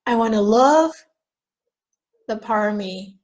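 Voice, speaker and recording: A woman's voice: a little high, lively intonation, takes it slowly, rough recording. A woman giving a raw, profane self-help monologue on a live video, questioning herself aloud.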